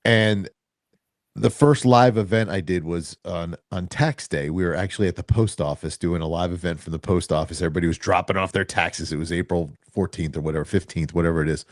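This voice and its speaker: A low-pitched man from New Jersey co-hosts a casual podcast, telling stories with lots of energy. He jumps into the voices of the people he quotes. The sound is close and dry, with no room around it. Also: fairly quick, no room sound. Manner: animated storyteller, acts out quoted voices. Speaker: podcast co-host.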